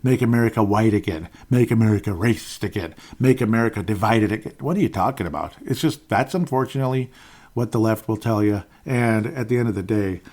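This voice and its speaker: Male podcast host in his 50s, low voice, rambling opinionated solo commentary with chuckles. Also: a little fast, a little mellow. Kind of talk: political commentary monologue.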